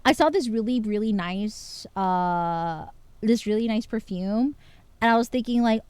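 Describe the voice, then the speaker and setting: A woman streaming casual chat to her viewers, excitable and full of filler words. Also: mid-range voice, unhurried, clear, resonant tone, no echo.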